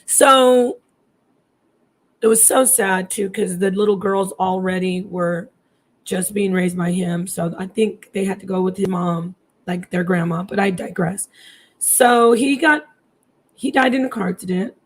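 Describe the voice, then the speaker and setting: A woman in her thirties talks casually through a personal story, circling back and restarting her sentences. She slips into other people's voices as she retells what they said. Her pitch sits in a middle range for a woman. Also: a little slow. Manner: chatty, digressive, restarts often, acts out quoted voices. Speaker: host telling a personal story.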